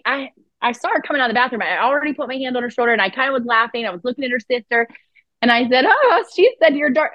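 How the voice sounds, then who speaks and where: Her voice sits fairly high, captured in a dry recording with the highs cut off. As a psychic guest on an interview podcast, she tells a story in a blunt, profane way, performing the lines people said.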